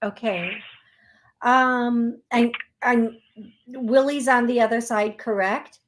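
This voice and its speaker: Slow-talking woman psychic host. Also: a little high, steady tone. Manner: gentle, chatty, spells words out letter by letter. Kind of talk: call-in psychic reading.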